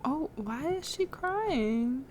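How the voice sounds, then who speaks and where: A woman hosting a life-sim game playthrough talks in an unhurried, easygoing way. She is chatty and amused, with frequent giggles. A faint hiss sits under her desk-mic recording. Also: sits high, lively intonation, darkish tone. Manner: laughs often, chatty and amused. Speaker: let's play host. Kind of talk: casual gameplay commentary.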